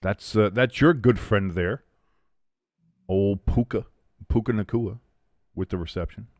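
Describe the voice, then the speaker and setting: A man hosting a live game watch-along, calling plays and chatting with loud, profane tangents. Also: fairly low pitch, a little slow, no echo. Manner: animated play-by-play mixed with profane rants. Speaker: host.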